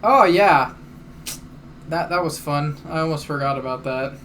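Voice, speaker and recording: A man's voice: fairly high pitch, unhurried, background noise. A young man co-hosting a podcast, adding laid-back, laughing asides and some swearing in casual chat. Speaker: podcast co-host.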